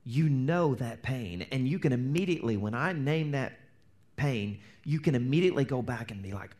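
Man, pastor, sermon, animated delivery, acted-out quotes, mid-pitched voice. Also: moderate pace. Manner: animated preaching, acts out quoted prayers, drops to near-whispers.

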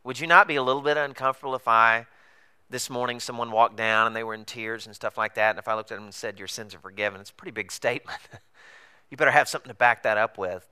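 A pastor preaching a sermon, telling a story with animated, acted-out dialogue. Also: male voice, quick pace, smooth. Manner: animated storytelling, acts out dialogue with big pitch swings.

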